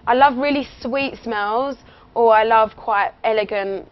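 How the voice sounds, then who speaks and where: A woman's voice: fairly high pitch, a little slow. A young English woman chatting casually as an interview guest, rambling and giggly, with lots of fillers. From England. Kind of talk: casual radio interview chat. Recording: muffled lo-fi audio with faint noise.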